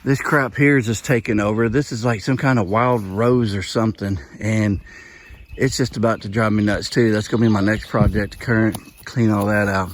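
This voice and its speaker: A man's voice: lowish voice, steady tone, moderate pace, slight background noise. A middle-aged man with a Southern US accent, chatting casually as he walks around his homestead, a bit out of breath and rambling with frequent restarts. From Southern United States. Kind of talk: casual walk-around vlog. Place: outdoors on a rural homestead.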